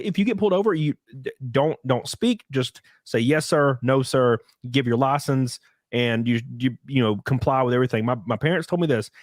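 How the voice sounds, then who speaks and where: A man's voice: fairly high pitch, no room sound, clean studio sound. A man hosting a casual podcast, telling a story with lots of swearing and acted-out quotes. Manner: animated storytelling, acts out quotes with profanity. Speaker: podcast host.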